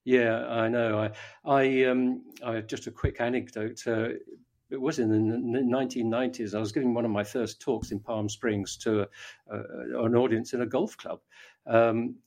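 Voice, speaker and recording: A man's voice: medium pitch, darkish tone. An older man, a guest in an interview, talking at length with many fillers, restarts and a lost train of thought. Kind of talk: conversational interview.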